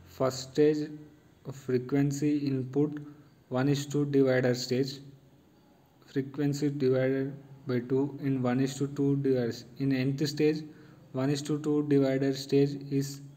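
A young man giving a halting technical presentation on a circuit design, pausing and restarting often. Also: medium pitch, mellow, poor audio. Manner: halting, with many pauses and restarts.

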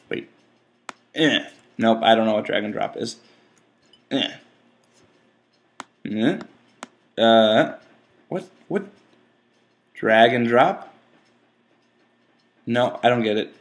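Excitable young man playing a game. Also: mid-range voice. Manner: excitable, frustrated, talks to the game and viewers. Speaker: gaming channel host. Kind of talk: casual let's-play commentary.

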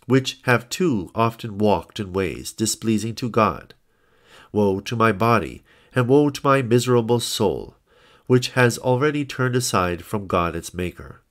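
A man's voice: fairly low pitch, fairly bright tone. A man reading the part of a dying righteous old man who laments his sins in solemn, archaic words. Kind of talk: scripted audiobook narration.

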